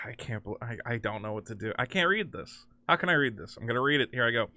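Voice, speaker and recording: A man's voice: medium pitch, lively intonation, a little fast, pushed and bright, dry recording, clean studio sound. A man hosting a comic-book commentary, ranting in an incredulous, sarcastic and exasperated way. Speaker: host.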